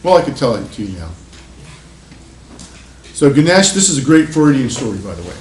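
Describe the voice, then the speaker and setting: A male university lecturer gives an informal, animated lecture, spinning stories in a chatty tone. His voice sits in a middle register. The classroom is echoey, with a faint hum underneath. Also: medium pitch, very fast.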